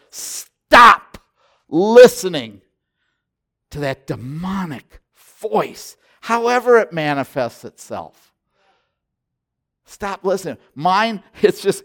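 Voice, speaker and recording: Preaching with a mid-range voice, a man in his sixties delivers a sermon as pastor. He's impassioned, swinging from loud exhortation to hushed intensity.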